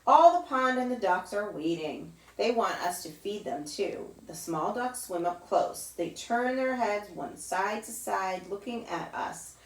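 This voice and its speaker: A woman who teaches yoga to children reads a picture book aloud to them, mimicking sounds in a high, playful voice. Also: expressive, a little slow, few pauses, distant mic, a little hiss or hum. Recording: roomy echo, voice off-mic.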